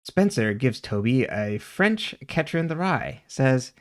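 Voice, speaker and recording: A man's voice: mid-range voice, slow, hardly any pauses, clear, resonant tone. Chatty man recapping a show. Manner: animated retelling, quoting characters, laughs often. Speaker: podcast co-host. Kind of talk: casual recap chat.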